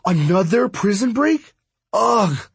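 A man voicing a feisty, sharp-tongued shapeshifter girl with a raised, sassy voice. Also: high voice, huge pitch swings, normal speed, slightly rough, no room sound, pitched above the performer's own voice, full character voice. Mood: alarmed. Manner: sassy, exasperated.

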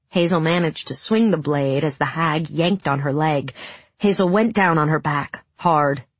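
A woman reading a story aloud in measured, dramatic audiobook narration. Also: deep voice, husky, dry recording.

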